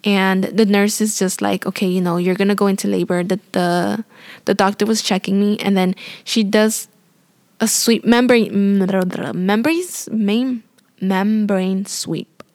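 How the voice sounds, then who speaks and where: A woman's voice: medium pitch, fairly even intonation, measured pace, a little mellow, dry recording. A young woman tells a personal story in a loose, chatty way, leaning on "like" and "you know." Her voice sits in an ordinary middle range. The sound is dry and close, with no room around it. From Spanish-speaking family. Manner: chatty and rambling, heavy use of "like" and "you know"; apologetic and self-aware. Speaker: new mother telling her birth story. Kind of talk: casual storytelling to camera.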